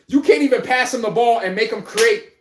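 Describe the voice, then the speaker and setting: A man's voice: very high voice, fairly quick, reverberant, a little hiss or hum. A man hosting a casual live-stream sports podcast, talking bluntly and animatedly, swearing and laughing as he rants. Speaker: podcast host.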